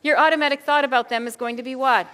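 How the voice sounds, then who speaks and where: Middle-aged female keynote speaker, animated, talks straight to a room of educators. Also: sits high, fast, smooth. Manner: animated, addresses audience as folks, acts out quoted thoughts. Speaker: school behavior consultant and keynote speaker.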